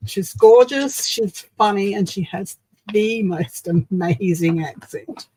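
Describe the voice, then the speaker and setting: Unhurried Australian woman crafting live. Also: mid-range voice, mellow, a little hiss or hum, rough recording. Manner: chatty, talks while working with her hands. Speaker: craft livestream host. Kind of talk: casual crafting livestream chat.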